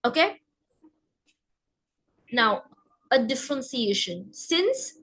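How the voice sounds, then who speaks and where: A woman teaching French pronunciation, saying example words slowly so learners can repeat after her. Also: high-pitched, lively intonation, pushed and bright, breathy edge, rough recording. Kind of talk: pronunciation lesson.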